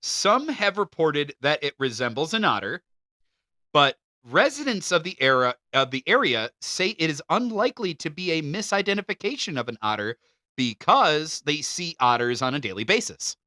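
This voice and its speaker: Lively bright-voiced man hosting a podcast. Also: on the high side, normal speed, no room sound, studio quality. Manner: reads from notes, laughs often, stumbles on names. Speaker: podcast co-host. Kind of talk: casual podcast chat.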